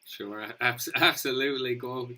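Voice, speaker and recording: Bright-voiced podcast host. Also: male voice, mid-range voice, moderate pace, low-quality recording. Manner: agreeable, laughs easily, asks open questions. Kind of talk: casual podcast interview.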